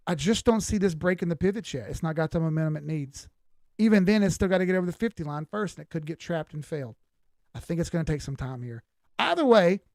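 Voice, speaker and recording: A man's voice: on the high side, darkish tone, no room sound. Southern US man, middle-aged, raised voice, dry close sound, blunt folksy chart talk. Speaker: crypto chart analyst. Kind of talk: live-stream chart commentary.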